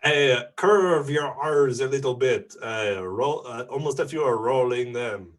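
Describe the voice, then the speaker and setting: A man's voice: medium pitch, unhurried, natural voice. A man voicing a suave male dog noble with a put-on French accent, patiently coaching others on pronunciation in a tabletop game.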